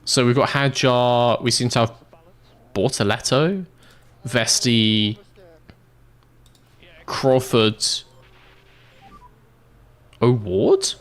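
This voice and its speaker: A man's voice: mid-range voice, very slow, long pauses. A British man streaming a game, chatting casually with viewers, laughing often. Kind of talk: casual livestream chat.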